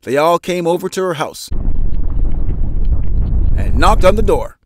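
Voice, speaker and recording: A man reads a children's picture book aloud, his voice rising and falling in wide, lively swings. He takes his time, drawing the words out slowly. A faint hiss sits under the recording. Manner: animated, voices characters with big pitch jumps. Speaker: storybook narrator.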